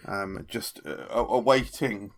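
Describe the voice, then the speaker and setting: A man playing a tabletop game, speaking in a clear and deliberate way. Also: on the low side. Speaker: player.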